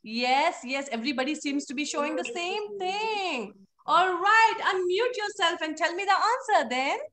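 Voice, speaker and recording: A woman's voice: extremely high pitch, lively intonation, moderate pace, bright, forceful tone. A woman teaching a live online phonics class to young children, encouraging and playful in a sing-song way.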